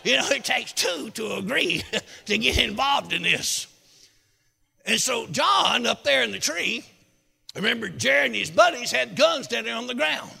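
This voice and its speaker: Man, preacher, high gravelly voice, lively shouting, long hall reverb. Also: unhurried. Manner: shouting, hollering storyteller with whoops. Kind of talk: sermon with a folksy tall tale.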